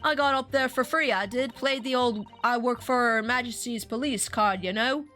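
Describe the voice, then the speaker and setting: A woman's voice: a little high, moderate pace, pushed and bright, faint music behind, pitched above the performer's own voice. A woman voicing a cheeky young female police assistant from a video game, chirpy and boastful. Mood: smug.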